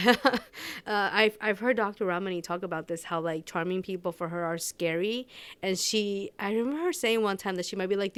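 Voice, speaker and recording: A woman's voice: on the low side, clean tone, no room sound. A woman hosting her own podcast, talking unscripted and candidly, telling stories animatedly and acting out bits of dialogue. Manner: candid, animated storytelling with laughs and quoted dialogue. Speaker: podcast host. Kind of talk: unscripted personal podcast monologue.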